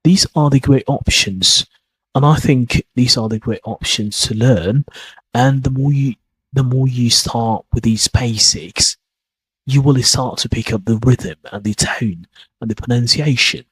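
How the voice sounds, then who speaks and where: Very husky-voiced man teaching. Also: mid-range voice, a little slow, low-quality recording. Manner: rambling, repeats himself. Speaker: accent teacher. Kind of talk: casual teaching monologue.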